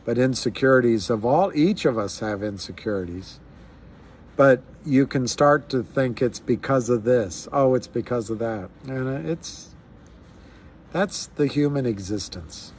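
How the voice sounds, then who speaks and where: A man's voice: mid-range voice, expressive, measured pace, darkish tone, slight background noise. A man hosting a casual livestream, musing aloud in a rambling way with frequent restarts. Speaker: livestream host.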